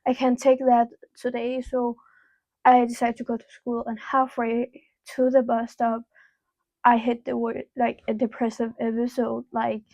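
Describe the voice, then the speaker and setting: A teenage girl talks straight to her camera, recounting a story in a loose, rambling way, leaning on "like" and dropping swear words freely. Her voice sits a little high but sounds mellow and dark, and the sound is dry and close, with little room echo. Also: completely flat delivery, a little slow. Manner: candid, rambling, heavy use of "like" and swearing. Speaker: vlogger. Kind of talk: casual storytime monologue. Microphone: small clip-on mic.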